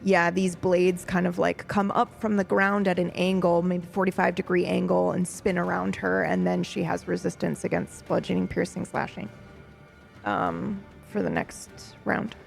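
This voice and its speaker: A woman with a low voice full of heavy vocal fry describes her character's spells in a tabletop game. She speaks thoughtfully and pauses to search for the right words. Faint music plays behind her. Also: little pitch movement. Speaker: player.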